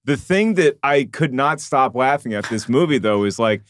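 A man hosting a podcast in a casual chat, full of joking asides and quick questions. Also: medium pitch, lively intonation, no room sound, studio quality. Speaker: podcast host.

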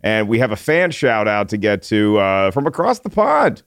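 A man's voice: fairly low pitch, big pitch swings, moderate pace, vocal fry, clean tone, dry recording, clean studio sound. A man hosting a casual movie podcast, chatty and joking as he reads listener mail. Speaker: podcast host.

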